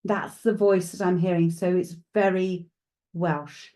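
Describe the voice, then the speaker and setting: A woman runs a live psychic reading, talking straight to her unseen viewers as she goes. Her voice is mellow and unhurried at its core. She pauses, restarts and thinks out loud as she works things out. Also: fairly low pitch, steady tone. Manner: chatty, thinks aloud, addresses viewers directly; hesitant, with frequent restarts while working things out. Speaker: psychic medium. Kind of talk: live streamed mediumship reading.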